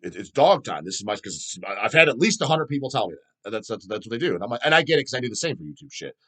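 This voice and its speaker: A man's voice: lowish voice, rapid-fire. A middle-aged man hosting a metal channel, ranting profanely and answering viewer questions. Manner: profane, animated, mocks people in put-on voices.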